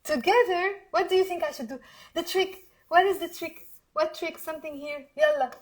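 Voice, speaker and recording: Lebanese woman, high voice, live online language teacher, encouraging, slow drills for repeating aloud. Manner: slows down to spell out words. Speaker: Arabic teacher.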